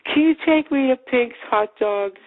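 A man voicing a whiny, childlike young woman who pleads in a high, babyish voice. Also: a little slow. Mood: pleading. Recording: tinny lo-fi podcast audio.

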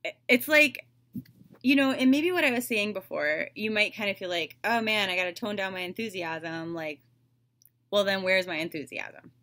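A woman's voice: mid-range voice, expressive, normal speed, bright, forceful tone. A woman giving a casual tarot reading, chatty and loose, with lots of "like" and "um" fillers. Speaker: tarot reader.

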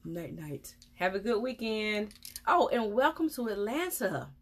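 A woman's voice: fairly high pitch, animated, a little slow. A woman dentist, giving frank, chatty advice on a casual live stream.

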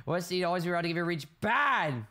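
A man doing excitable let's play commentary, shrieking high in panic, then rambling, joking and reading game text aloud. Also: fast talker. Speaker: gameplay streamer. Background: game music.

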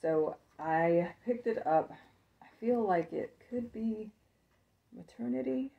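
A woman's voice: medium pitch, measured pace, gravelly, muffled recording. A woman chatting casually as she shows thrifted clothes she plans to resell, upbeat and thinking aloud with plenty of fillers. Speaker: thrift reseller showing a haul. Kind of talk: casual haul video chat.

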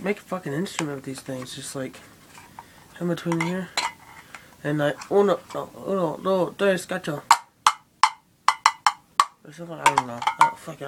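In this casual vlog chat, a young male vlogger talks to his camera in a loose, profane ramble packed with fillers. He speaks at a moderate pace in a slightly high voice, pausing often, over some background noise.

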